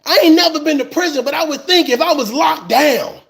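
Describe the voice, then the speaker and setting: A man's voice: very high voice, brisk, creaky, a bit bright. A man in a fired-up, profane rant, repeating words when he gets heated. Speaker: commentator. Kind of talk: impassioned rant.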